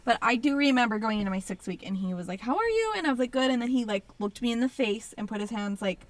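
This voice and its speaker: A woman in her thirties co-hosting a casual chat, an animated storyteller with lots of "like.". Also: on the high side, fast talker, dry recording. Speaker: podcast co-host.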